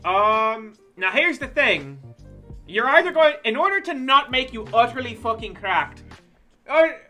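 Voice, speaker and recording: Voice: medium pitch, sing-song, unhurried, sharp tone, soft background music. A game streamer chatting casually with viewers while playing, joking and swearing freely. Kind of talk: casual gameplay commentary.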